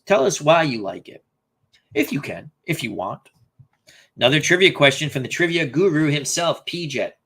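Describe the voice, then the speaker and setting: A man's voice: fairly high pitch, animated, moderate pace, fairly bright tone, slightly rough. A man hosting a casual live stream, thinking aloud and reading out viewer comments. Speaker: host.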